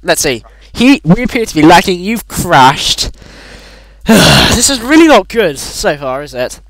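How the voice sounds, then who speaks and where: A man chatting excitedly while playing a game, laughing often and swearing when flustered. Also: high voice, unhurried, no room sound, rough recording. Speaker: player. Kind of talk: casual gaming chat.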